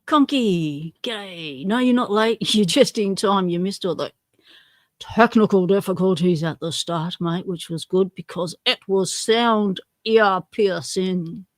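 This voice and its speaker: A woman's voice: mid-range voice, measured pace, dry recording. Aussie woman hosting a livestream, chatty and joking at her own expense, takes her time, dry close sound. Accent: Australian. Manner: chatty, greets viewers by name, self-deprecating. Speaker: livestream host. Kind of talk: casual livestream chat.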